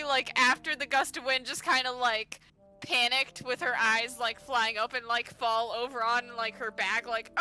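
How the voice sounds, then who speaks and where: A woman's voice: on the high side, bright, forceful tone. A woman playing in a tabletop game, chattily describing her character with many filler words. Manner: chatty, lots of "like" fillers, giggly. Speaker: player.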